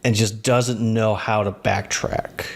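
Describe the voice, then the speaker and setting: A man's voice: fairly low pitch, steady tone, takes it slowly. A man co-hosting a casual podcast, talking easily with frequent laughs and fillers. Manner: easygoing, laughs often, fillers like um and you know. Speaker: podcast co-host. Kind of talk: casual rewatch podcast chat.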